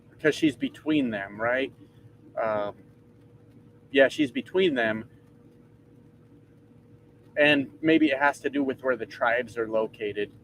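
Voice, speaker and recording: A man's voice: medium pitch, slight background noise, rough recording. A man driving a truck and chatting casually with his livestream viewers, joking and swearing as he rambles. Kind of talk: casual live chat reading comments. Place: truck cab.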